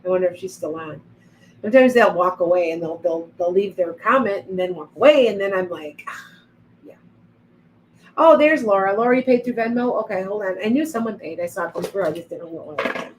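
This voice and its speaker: A woman's voice: mid-range voice, fairly quick, slight background noise, poor audio. Chatty woman hosting a psychic livestream. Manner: chatty, rambling, reads viewer comments aloud. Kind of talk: casual live-stream chat.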